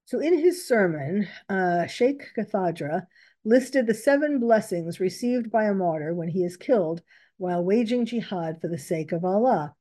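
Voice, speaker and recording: A woman's voice: mid-range voice, lively intonation, normal speed, mellow. A woman commenting on news reports, reading out quotes and stopping to correct herself.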